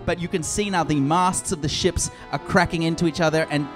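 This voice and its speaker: A man running a tabletop game as dungeon master, narrating the scene with quick restarts. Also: on the high side, fairly even intonation, over music.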